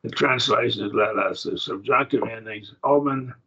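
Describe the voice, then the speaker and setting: A plainspoken, folksy man, a preacher, teaching a slow Bible Greek grammar lesson to a class. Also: lowish voice, pushed and bright, slightly rough. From rural. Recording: dull lo-fi classroom recording.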